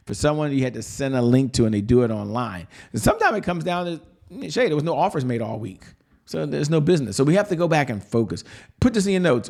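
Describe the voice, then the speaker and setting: A man of ordinary middle pitch hosts a sales show and delivers a motivational talk. He repeats short slogans and asks the listener rhetorical questions in an upbeat, encouraging way. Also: darkish tone. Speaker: podcast host and sales coach.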